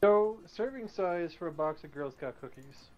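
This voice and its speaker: Lively teasing man on a stream. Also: high-pitched, normal speed, muffled recording, soft background music. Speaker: friend on stream. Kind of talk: casual banter.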